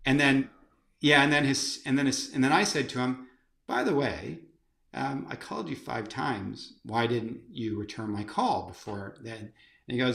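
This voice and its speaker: A man's voice: medium pitch, normal speed, creaky, reverberant. A man, a company chief executive, telling career stories as a guest in an interview, with lots of fillers and restarts. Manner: animated anecdotes, many fillers and restarts. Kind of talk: storytelling in an interview.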